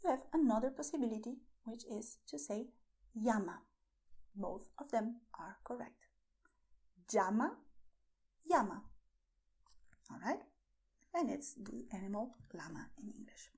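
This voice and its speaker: A woman teaching beginners to pronounce words, repeating each one slowly and carefully. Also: a little high, lively intonation, gravelly, dark tone, breathy edge. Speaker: Spanish teacher. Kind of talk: slow pronunciation lesson for beginners.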